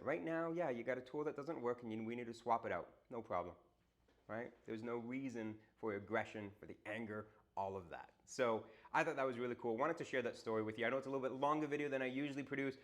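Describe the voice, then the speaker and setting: Man telling a story in a casual, conversational way. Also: mid-range voice. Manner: conversational, frequent "you know" and "right?" tags; animated, acts out quoted dialogue. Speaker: motivational video host.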